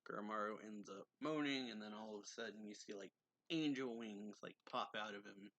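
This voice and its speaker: A man's voice: fairly low pitch, a little fast, fairly bright tone, no room sound, highs cut off. A man recapping a manga chapter in a casual way, reading characters' lines aloud with a slight lift and laughing often. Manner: reads quotes in a slightly raised voice, laughs often. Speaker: manga reviewer.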